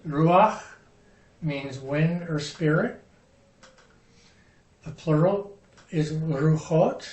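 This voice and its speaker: A man teaches a Hebrew vocabulary lesson at an unhurried pace, pausing over each word and its stress. His voice sits a little high. The sound is roomy and picked up from some distance away. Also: a little mellow. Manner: slow, patient, spells out words and stresses.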